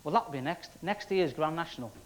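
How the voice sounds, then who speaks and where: A man's voice: a little high, animated, brisk, rough recording. A man from Wales performing a stand-up comedy routine with punchy joke delivery. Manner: punchy joke delivery, laughing along with the crowd. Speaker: comedian contestant.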